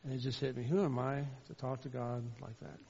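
A man preaching a sermon as a pastor, shifting from loud fervent calls to quiet personal storytelling. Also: mid-range voice, little pitch movement, brisk, a little hiss or hum. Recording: dull sound with long hall reverb.

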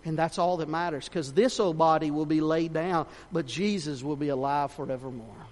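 A man preaching a sermon in a fervent, folksy way, swinging between shouts and hushed tones. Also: fairly high pitch, moderate pace. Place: church sanctuary. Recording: long reverb of a church hall.

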